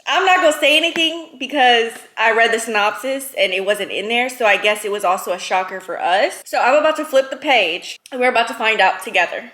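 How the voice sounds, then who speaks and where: A woman chatting casually in a reading vlog, expressive and rambling, recorded on a phone. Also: on the high side, fairly quick, few pauses, no room sound. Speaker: book vlogger.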